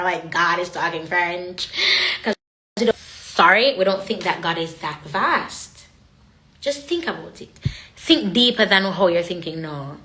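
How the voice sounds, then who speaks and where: A woman's voice: medium pitch, sharp tone, echoey room. A woman talking in an emotional, casual monologue, emphatic and repetitive. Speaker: vlogger.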